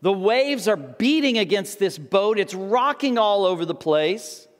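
A man's voice: sits high, lively intonation, a little slow, long reverb tail. A pastor preaching a sermon in a conversational way, acting out the people in the story as he reads and explains. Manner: conversational, acts out the disciples' voices.

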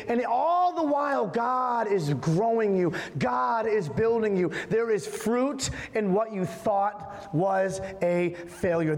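A man's voice: very high voice, in a large hall. A man in middle age, a pastor preaching an impassioned sermon with emphatic repetition in a church. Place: church sanctuary.

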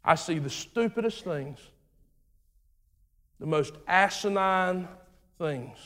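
A man with a high voice preaches slowly and deliberately. His rhythmic sermon climbs to shouted lines, then sinks to low, hushed phrases. The sound rings with the long reverb of a church hall. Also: lively intonation. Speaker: pastor.

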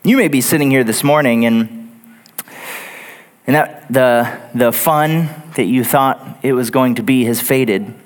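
A man's voice: medium pitch, a little slow. A man preaching a sermon in a church, earnest and building his points through lists and repetition. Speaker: pastor. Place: church sanctuary.

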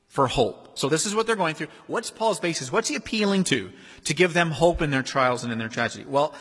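A man preaching a sermon as pastor, in a conversational, animated way. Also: mid-range voice, husky. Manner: conversational, animated, acts out quoted voices. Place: church sanctuary. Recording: long hall reverb.

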